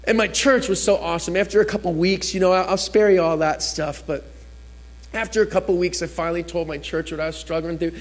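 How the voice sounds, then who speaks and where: A man's voice: high voice, fairly even intonation, a little fast. A man giving a personal testimony in a church, telling his story vividly and acting out what people said. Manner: storytelling, acts out quotes with shifting voice. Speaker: guest speaker giving testimony.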